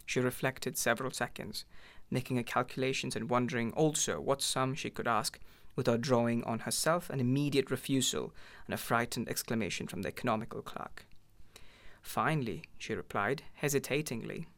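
A man's voice: medium pitch, normal speed, fairly bright tone. Man reading a classic short story. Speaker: narrator.

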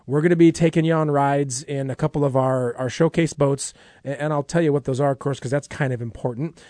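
A man's voice: a little high, mellow, no room sound. A man hosting a radio show in a studio, chatty and self-mocking as he promotes an event. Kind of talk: casual radio chat and sponsor promo. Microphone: studio microphone.

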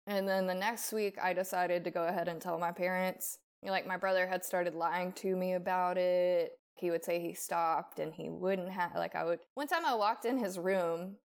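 A woman's voice: lowish voice, clear, resonant tone. A woman guest on a podcast telling her own story casually, bluntly, with frequent swearing. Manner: blunt, swears often, rambling.

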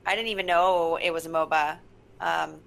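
Upbeat young Canadian woman, bright voice. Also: low-pitched, fairly even intonation, normal speed, vocal fry. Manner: upbeat, giggly. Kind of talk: casual gaming chat.

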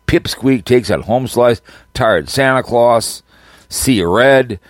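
A man's voice: medium pitch, slow, no room sound, clean studio sound. A man hosting a casual sports picks podcast, rambling and giving teams crude mocking nicknames while he laughs at his own jokes. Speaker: podcast host.

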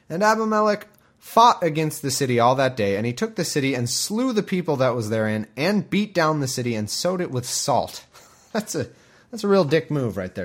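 A man hosting a podcast, reading scripture with jokey asides, rambling and wired on caffeine. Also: mid-range voice. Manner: rambling, self-interrupting, jokey. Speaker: podcast host.

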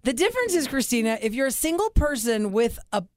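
Animated woman host telling a story. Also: on the high side, fast talker, no echo, studio quality. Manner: animated storyteller who acts out quotes. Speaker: show co-host. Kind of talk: casual chat.

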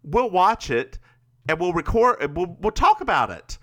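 A man co-hosting a casual podcast, chatty and playful, with a bright, forceful tone. His pitch swings widely as he talks, and he turns to address listeners directly. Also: sing-song, moderate pace. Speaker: podcast co-host. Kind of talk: casual chat.

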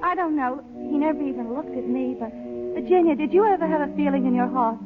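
A woman's voice: sits high, quick pace, close to an everyday voice. An actress in a 1940s radio drama playing a shy, timid young woman. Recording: tinny old radio broadcast with music.

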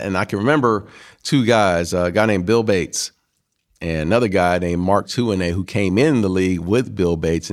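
A man in his fifties, a former pro football player, telling stories from his career in an animated way and acting out what others said. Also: deep voice. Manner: animated storyteller who acts out quotes, peppered with "man". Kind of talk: storytelling interview.

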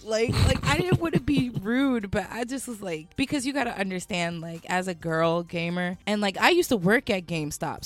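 A young adult woman casually telling a story, animated and slangy, with lots of fillers. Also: mid-range voice.

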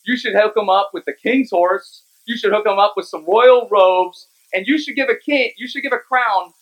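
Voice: mid-range voice, normal speed, lightly acted, poor audio. A preacher voicing a hateful, scheming male royal advisor who brags in casual slang, retold in a sermon. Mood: boastful. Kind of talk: sermon storytelling.

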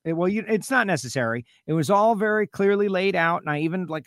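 A man's voice: sits high, expressive, fast talker, fairly bright tone, dry recording, clean studio sound. A man hosting a radio talk show, chatting casually and teasing his co-host with rambling asides.

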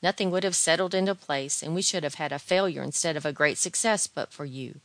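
A fussy, timid gentleman who speaks in grave, lamenting tones, put on by a woman reading a storybook aloud. Her voice sits low for a woman. The sound is dry and close. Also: fairly quick, no room sound. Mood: anxious. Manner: solemn, lamenting, earnest advice. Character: fussy, timid older gentleman friend, mournfully comic.

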